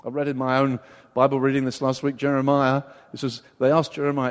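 An older man preaching a sermon, acting out quoted voices with big swings of loudness. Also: medium pitch, lively intonation, fast talker. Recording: long hall reverb.

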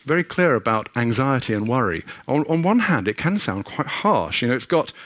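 A man's voice: medium pitch, very animated, a little fast, fairly bright tone. A middle-aged man giving a sermon with a personal story, earnest and conversational, often restarting his sentences. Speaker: preacher.

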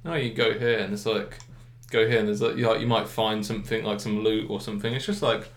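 A young man chatting casually about games, rambling with lots of fillers and clear enthusiasm. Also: on the low side, flat delivery, fast talker. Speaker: gaming podcast co-host. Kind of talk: casual chat. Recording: echoey room.

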